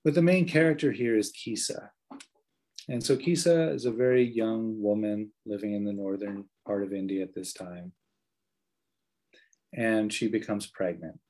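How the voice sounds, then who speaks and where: A man gives a meditation talk and tells a story in a gentle, earnest way. His voice sits low and carries a husky, breathy edge. His phrases often fade softly at the end. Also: fairly even intonation, moderate pace, rough recording. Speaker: meditation teacher.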